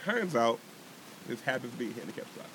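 A man's voice: mid-range voice, fast talker, slight background noise. A young man co-hosting a podcast, telling a heated story in casual chat, swearing and restarting his sentences often. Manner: animated, swearing, many restarts and repeated words.

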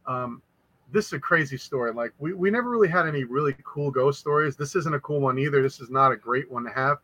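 A man, a podcast guest, telling a spooky personal story in a casual, animated way, acting out the voices of people in it. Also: mid-range voice, fast, dry recording, poor audio. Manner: animated, acts out quoted voices.

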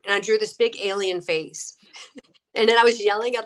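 A middle-aged woman with a bright, forceful voice tells her story with lively energy. She is getting over a cold, acts out the voices of people she quotes, and laughs often. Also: medium pitch, normal speed. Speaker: guest, actress and UFO experiencer. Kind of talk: animated storytelling.

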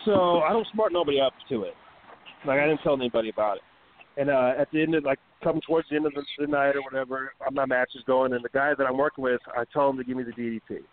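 A man's voice: medium pitch, fast. A man hosting a wrestling radio show, telling a long profane backstage story in a loose, rambling way full of fillers. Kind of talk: casual storytelling. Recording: tinny phone-line sound with faint hiss.

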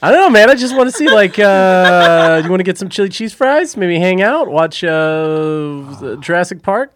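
A man playing a loud, excitable bro in an improv comedy scene who quickly turns angry or tearful. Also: high-pitched, very noisy. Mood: pumped. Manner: shouty, bro-ish.

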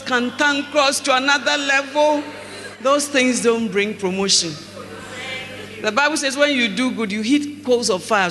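High-voiced preacher in a ringing hall. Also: male voice. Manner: slow scripture reading, lively storytelling with acted dialogue. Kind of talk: sermon. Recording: echoey hall, faint mains hum.

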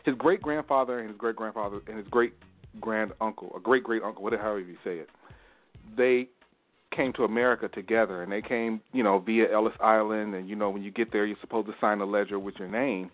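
A man co-hosting a casual panel talk show, telling anecdotes in a lively storytelling way. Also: lowish voice, a little fast. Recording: tinny phone-like line.

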